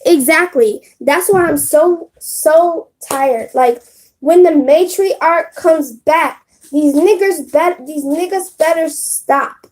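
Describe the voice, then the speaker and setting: A woman's voice: sits high, slow, a little mellow. A woman doing a casual live stream on her phone, talking bluntly and with profanity straight to her chat. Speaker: live streamer giving readings.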